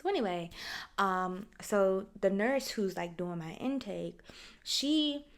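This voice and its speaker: A woman hosting a casual solo podcast, telling a story in an animated, profane way and acting out other people's lines. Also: mid-range voice, slow pace. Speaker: podcast host.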